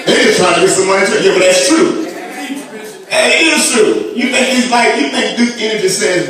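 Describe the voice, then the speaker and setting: A man preaching a sermon to his congregation, with shouted and sung peaks and playful asides, recorded in a church sanctuary. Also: sits high, animated, fast. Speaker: pastor. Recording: echoey church from far off.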